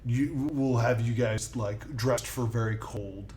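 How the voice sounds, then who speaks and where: A man playing a tabletop role-playing game, talking in a halting way with many fillers and restarts. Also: mid-range voice, steady tone, noisy background. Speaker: player and host. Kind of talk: casual tabletop role-play.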